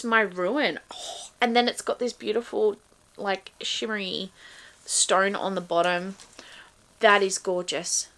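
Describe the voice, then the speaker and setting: A woman reviewing a subscription book box, excitedly unboxing and gushing over each item in casual chat. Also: medium pitch.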